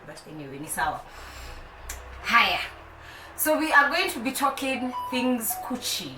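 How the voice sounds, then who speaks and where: A woman's voice: fairly high pitch, big pitch swings, a little slow, long pauses, recorded from a distance. A young woman with a Kenyan accent chatting playfully to camera, laughing often, in a home with street noise outside. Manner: playful, laughs often, mixes English and Swahili. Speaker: vlogger. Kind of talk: casual chat to camera. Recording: roomy sound from off the mic.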